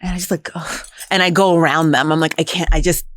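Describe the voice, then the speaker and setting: A woman's voice: low voice, steady tone, fast, a bit bright, dry recording, clean studio sound. A woman from Queens with a New York accent, co-hosting a podcast in chatty, agreeable casual conversation. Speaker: podcast co-host. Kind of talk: casual chat.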